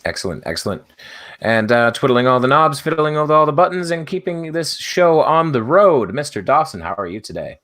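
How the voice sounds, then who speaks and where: A man's voice: on the high side, a little fast. A man hosting a casual online panel show, greeting each guest in turn and often saying "excellent", over a video call. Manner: relaxed, repeats "excellent". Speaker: host.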